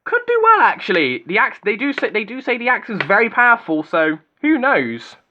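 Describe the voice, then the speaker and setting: A man's voice: sits high, normal speed, slight background noise. A young man giving casual, joking fan commentary on robot fights. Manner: joking, chatty, excitable asides. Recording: slightly dull lo-fi sound with music behind.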